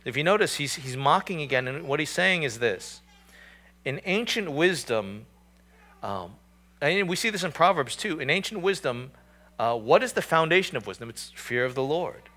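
A man preaching a sermon with a bright, forceful tone that sits a little high. He talks conversationally and with emphasis, often restarting and repeating words as he works toward his point. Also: expressive, normal speed. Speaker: pastor.

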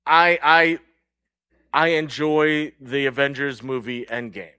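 Slow, bright-voiced earnest male preacher. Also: little pitch movement, smooth, dry recording, clean studio sound. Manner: earnest, swings between loud stress and hushed low lines; checks in with the crowd by asking "right?". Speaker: pastor. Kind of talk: sermon.

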